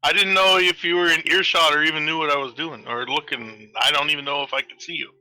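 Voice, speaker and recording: A man playing a tabletop game who chats along and fires off quick questions. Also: on the high side, steady tone, pushed and bright, dry recording, rough recording. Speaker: player. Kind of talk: casual tabletop game play.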